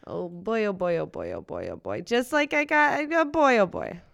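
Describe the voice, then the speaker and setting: A woman's voice: medium pitch, big pitch swings, normal speed, vocal fry, a bit bright. A woman improvising as a nervous but officious young movie theater worker in a comedy scene. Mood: flustered. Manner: nervous, then firm and officious.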